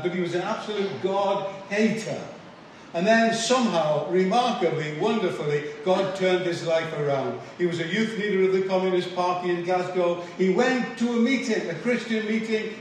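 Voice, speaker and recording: A man preaching a sermon in an earnest, measured way, repeating key phrases for emphasis. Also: high voice, distant mic, a little hiss or hum. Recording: echoey room, voice from afar.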